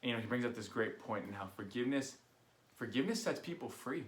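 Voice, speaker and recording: A man's voice: medium pitch, lively intonation, fast. A young adult man, a youth director, giving a casual online sermon recap with an easygoing storytelling manner. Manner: casual storytelling with fillers, acts out quoted voices.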